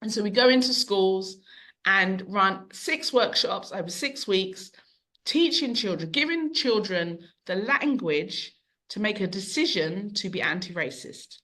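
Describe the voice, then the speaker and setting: A middle-aged woman who owns a bookshop, speaking as a podcast guest and telling long, animated stories. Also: mid-range voice, measured pace. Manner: animated, long-winded storyteller who acts out quotes. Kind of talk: conversational storytelling.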